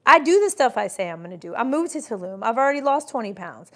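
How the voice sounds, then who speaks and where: A woman's voice: fairly high pitch, sing-song, fast talker. A woman in her forties hosting a casual live stream, giving emphatic motivational talk and reading chat comments aloud. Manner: mimics doubters in mocking voices. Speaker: livestream host and business coach.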